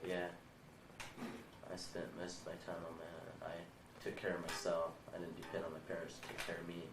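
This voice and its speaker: Teen male interviewee, low voice, rambling and crude; distant mic in a roomy, noisy room on old home video. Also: completely flat delivery, a little fast, creaky. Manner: rambling and profane. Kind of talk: casual storytelling. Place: indoors in a house.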